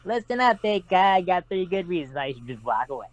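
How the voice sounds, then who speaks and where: A man doing a sly, deep-voiced cartoon shoulder devil. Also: sing-song, fast talker, no echo. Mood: tempting. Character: smug cartoon shoulder devil, male, tempting.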